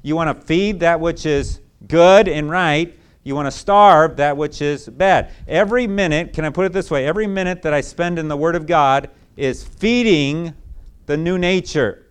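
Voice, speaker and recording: A man's voice: fairly high pitch, moderate pace, clear, resonant tone. A male pastor preaching a sermon to a congregation, speaking emphatically with folksy repetition.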